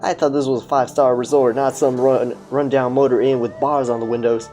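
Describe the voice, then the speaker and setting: A man's voice: mid-range voice, moderate pace, a little mellow, faint music behind, natural voice. A man voicing a crude, swearing male police commissioner with an Australian accent in a game. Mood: blustering. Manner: swearing, blustering.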